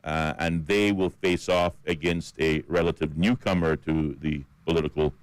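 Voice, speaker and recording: Deep-voiced Caymanian radio host. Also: male voice, moderate pace, dry recording, poor audio. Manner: steady list-reading with fillers. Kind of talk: radio talk about election candidates. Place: radio studio.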